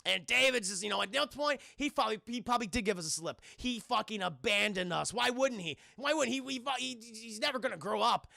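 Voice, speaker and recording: A man streaming a casual scene-by-scene film recap to his live chat, animated and profane, acting out the characters' lines as he goes. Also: high-pitched, fairly quick, creaky, few pauses, no echo, studio quality.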